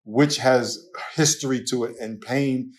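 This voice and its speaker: Guest pastor, New York accent, man, animated storyteller with ready laughter. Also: mid-range voice, measured pace. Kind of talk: casual conversational interview.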